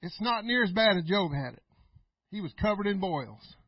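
A middle-aged male pastor preaching a folksy sermon, laughing often and swinging between loud and quiet. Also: high voice, sing-song, normal speed, slightly rough, dry recording, dull audio.

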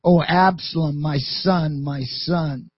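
A man reading aloud as a king mourning his son, softly and mournfully. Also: a little high, slow, breathy edge, no room sound, highs cut off. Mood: grieving. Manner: soft, mournful.

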